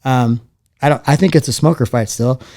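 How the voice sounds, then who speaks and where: A man tells his story loosely and casually as a guest. He plays out the voices of the people in his stories, and his pitch rises and falls as he does. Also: moderate pace, gravelly. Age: 40s. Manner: animated storyteller acting out quoted voices. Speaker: interview guest, former fighter.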